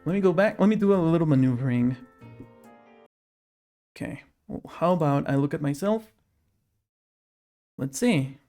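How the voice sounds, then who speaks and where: Playful, lively man streaming a game. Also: on the high side, moderate pace, pauses often, faint music behind. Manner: playful, jokey haggling with in-game characters. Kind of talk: casual live-stream commentary while gaming.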